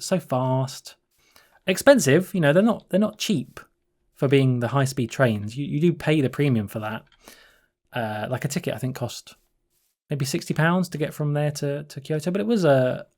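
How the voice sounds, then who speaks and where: Chatty male host, mid-pitched, rambling and laughing as he tells stories. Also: a little mellow. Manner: chatty, laughs often, many restarts. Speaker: channel host. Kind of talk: rambling casual storytelling over gameplay.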